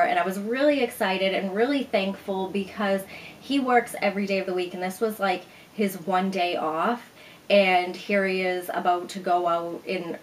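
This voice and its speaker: A woman's voice: medium pitch, low-quality recording. A young woman vlogger casually telling a long personal story, acting out what people said. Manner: chatty, animated retelling with acted-out quotes. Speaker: beauty vlogger.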